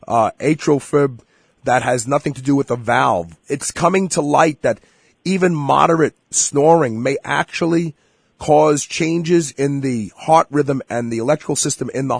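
A man's voice: mid-range voice, gravelly, slightly rough, dry recording, clean studio sound. A man hosting a radio health interview, talking emphatically and speaking straight to his listeners. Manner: emphatic, direct address to listeners. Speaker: radio show host.

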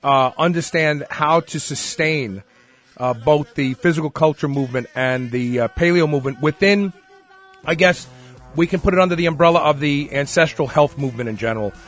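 A man's voice: on the high side, moderate pace, fairly bright tone, soft background music. A man hosting a radio talk show, speaking emphatically with fillers and restarts.

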